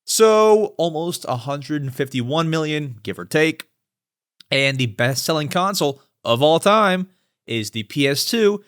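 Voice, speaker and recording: A young man hosts a casual news podcast, his voice sitting a bit high for a man. He talks in a lively, chatty way, rising and falling widely as he throws in slangy asides. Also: a little slow, clean tone. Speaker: podcast host.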